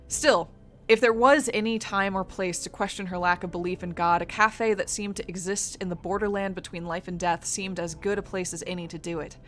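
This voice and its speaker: A woman's voice: lowish voice, steady tone, normal speed, soft background music. A woman co-hosting a gaming stream, reading story narration aloud and chatting with easy laughs. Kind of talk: reading game narration aloud and casual chat.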